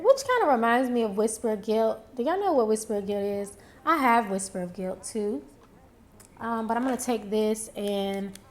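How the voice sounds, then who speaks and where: Chatty, slow-talking young woman vlogger. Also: on the high side, a little hiss or hum. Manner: chatty, talks to viewers and herself, drawn-out exclamations. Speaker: beauty vlogger. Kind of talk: casual makeup talk-through.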